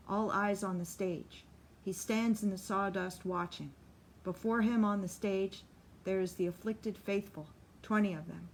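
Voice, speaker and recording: A woman narrating an audiobook in a steady, measured reading voice. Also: on the low side, a little hiss or hum. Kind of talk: scripted narration.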